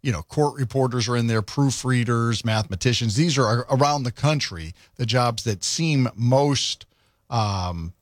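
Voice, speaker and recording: A man's voice: mid-range voice, unhurried, dry recording, studio quality. A male radio morning host talking casually and rambling with lots of fillers and restarts. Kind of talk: casual on-air chat.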